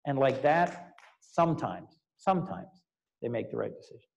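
A man in his fifties, a senator giving a public talk, telling an animated personal story with casual fillers. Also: medium pitch, fast, gravelly, poor audio. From United States. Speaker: U.S. senator, guest speaker. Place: law school lecture event, indoors.

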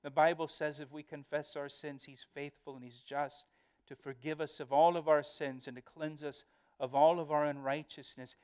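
A man's voice: a little high, flat delivery, normal speed, darkish tone, clean tone. A male pastor giving a verse-by-verse Bible study, earnest and emphatic, often repeating words as he explains.

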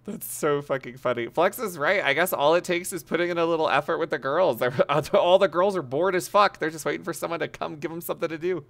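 A man live-streaming in casual chat, excitable and laughing often as he coaches a friend, cursing freely. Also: on the high side, quick pace, creaky, few pauses.

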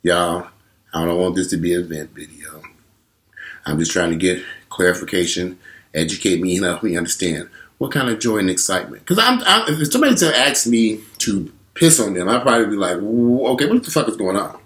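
A man in his forties tells a frank, profane story directly to his viewers. His pitch swings widely as he exaggerates and acts out his reactions. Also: a little fast. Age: 40s. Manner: animated, profane, talks straight to viewers. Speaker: vlogger. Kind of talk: candid storytelling monologue.

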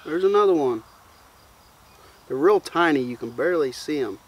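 A man, chatting casually to camera at a woodland campsite in a relaxed, rambling way. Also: a little high, moderate pace. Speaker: bushcraft vlogger. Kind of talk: casual campfire chat to camera. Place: outdoors in the woods at a campsite. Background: crickets and insects.

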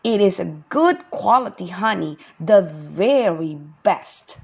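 A woman's voice: mid-range voice, lively intonation, takes it slowly, vocal fry, husky, pitched below the performer's own voice, exaggerated voice. A woman voicing a friendly little male duck in a children's storybook, cheerful and eager.

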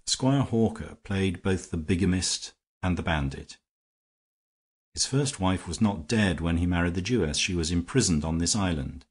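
Man reading ironic weary english gentleman, storybook, deep voice, breathy edge. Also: expressive, normal speed. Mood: calm explaining. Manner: dry, ironic.

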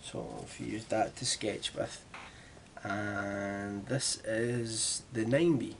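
A young Glaswegian man with a lowish voice talks to camera in a loose, chatty vlog style. He pokes fun at himself and wanders off into asides. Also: fairly even intonation, slow, vocal fry, slight background noise. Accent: Glaswegian Scottish. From Glasgow, Scotland. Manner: chatty and self-deprecating, with rambling asides. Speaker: vlogger. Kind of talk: casual vlog chat.

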